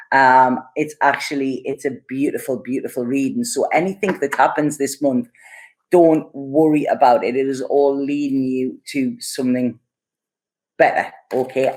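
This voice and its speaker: A woman's voice: extremely low pitch, a little mellow. Earnest woman giving a tarot reading. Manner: earnest, reassuring, many "okay?" and "you know" asides. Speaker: tarot reader.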